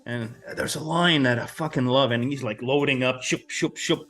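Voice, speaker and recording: A man's voice: medium pitch, normal speed, a bit bright. A man co-hosting a casual movie podcast, passionate and profane, humming movie music as he talks. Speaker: co-host.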